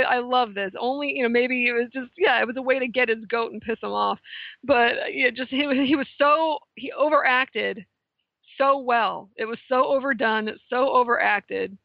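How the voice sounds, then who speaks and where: A woman's voice: high-pitched, moderate pace, creaky, no echo. A woman co-hosting a podcast in casual chat, speaking candidly, swearing freely and laughing now and then. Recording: dry, dull lo-fi recording.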